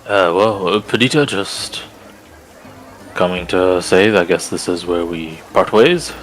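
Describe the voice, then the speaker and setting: Low-voiced easygoing gamer man. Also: a little slow, fairly bright tone, faint music behind. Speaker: player. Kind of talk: tabletop role-play.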